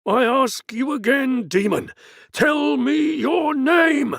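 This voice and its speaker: A man voicing a middle-aged exorcist priest who bellows slow, commanding demands at a demon. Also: expressive, no room sound, studio quality, exaggerated voice. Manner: booming, commanding, drawn-out demands.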